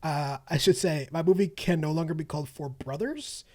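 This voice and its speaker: A man's voice: fairly high pitch, brisk. A man co-hosting a movie podcast in casual chat, rambling and restarting his sentences, laughing easily. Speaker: podcast co-host.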